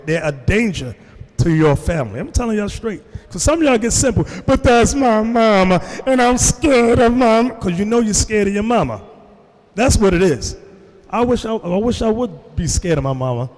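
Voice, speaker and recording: A man's voice: high-pitched, long reverb tail. A man preaching to a congregation, telling stories and addressing the room directly. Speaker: religious teacher. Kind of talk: sermon to a congregation.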